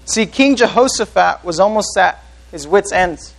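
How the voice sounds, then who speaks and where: A man's voice: high voice, expressive, moderate pace, creaky, low-quality recording. A man preaching a sermon as pastor, earnest, often putting questions to the congregation.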